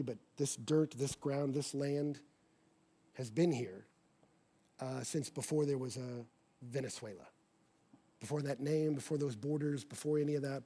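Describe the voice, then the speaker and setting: A man preaching a sermon, telling a story with animated voices that swing from loud outbursts to hushed, earnest lines. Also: a little high. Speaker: pastor. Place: church stage before a congregation.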